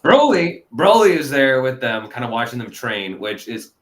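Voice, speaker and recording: A man's voice: mid-range voice, very animated, normal speed, fairly bright tone. A man hosting a casual review chat, rambling with lots of fillers and frequent laughs. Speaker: podcast host.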